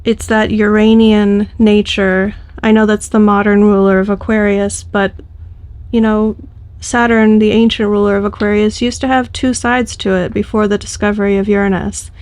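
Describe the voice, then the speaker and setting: A woman talks through a tarot reading in a relaxed, unscripted way, pausing and restarting as she works through her thoughts. Her voice sits at a middle pitch and sounds close and dry, with no room echo. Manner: thoughtful, loose delivery with frequent fillers and restarts. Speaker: tarot reader. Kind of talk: casual spoken tarot reading.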